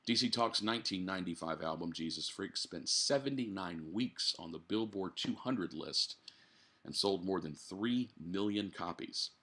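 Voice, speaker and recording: In his living room, a man hosts a podcast where he reads out a news story, pausing to drink and throw in blunt remarks full of swearing. His low voice is expressive, pushed and bright, moving at a moderate pace.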